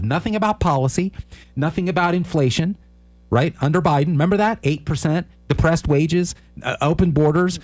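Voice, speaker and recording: A man's voice: on the high side, a little mellow. A man co-hosting a political talk show, speaking in a sarcastic, emphatic way and repeating his pleas for effect. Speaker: co-host.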